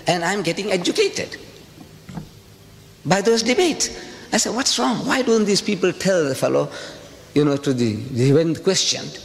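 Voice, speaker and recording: Man, from South Africa, public lecture, emphatic, animated pitch, long hall reverb. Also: a little slow, creaky, long pauses. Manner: emphatic, rhetorical questions, repetition. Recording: reverberant hall with faint ambient noise.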